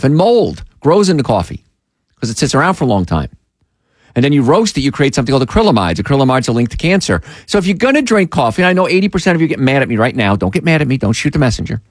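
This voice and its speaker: The host of a call-in health radio show, a man with a mid-range voice, speaks animatedly and with emphasis into a studio microphone. There's no echo, and he makes pleading asides along the way.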